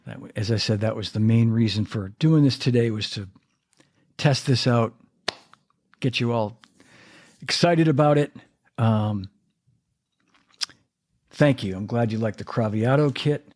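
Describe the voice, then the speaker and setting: A man's voice: medium pitch, measured pace, pauses often, a little mellow. A man hosting a casual live stream from his home drum room, talking in a rambling, self-deprecating way as his voice starts to go. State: losing his voice. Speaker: podcast host and drummer.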